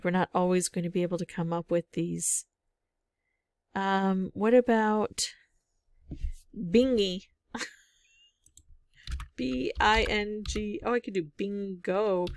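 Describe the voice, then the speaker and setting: Woman, unhurried solo gameplay commentary, muses through guesses, dry booth sound. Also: mid-range voice, a little mellow, dry recording. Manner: musing aloud, thinking through guesses. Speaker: word game player.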